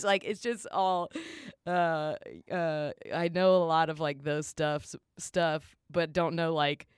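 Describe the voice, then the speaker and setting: A man's voice: fairly high pitch, slow, clean tone, dry recording, clean studio sound. A man hosting a podcast, talking in an easygoing way and laughing often. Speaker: podcast host. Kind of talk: casual chat.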